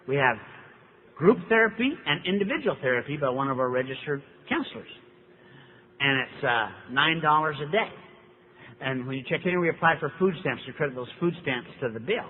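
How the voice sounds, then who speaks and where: A man from Dallas with a fairly high voice tells his story in a folksy, wry way, acting out each exchange. His voice sounds thin and tinny, as if heard over a phone line. A long reverb hangs behind him in a large hall, with a faint hiss underneath. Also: animated, brisk. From Dallas, Texas. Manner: folksy, wry, acts out dialogue. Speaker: recovery speaker. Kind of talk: storytelling talk to an audience.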